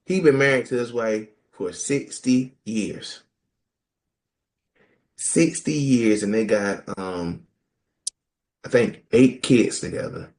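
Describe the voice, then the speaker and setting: A man's voice: fairly low pitch, takes it slowly. A man, talking casually and animatedly about scripture as a podcast co-host, joking and mimicking people. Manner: animated, jokey, mimics people in quoted voices. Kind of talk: casual group talk on scripture.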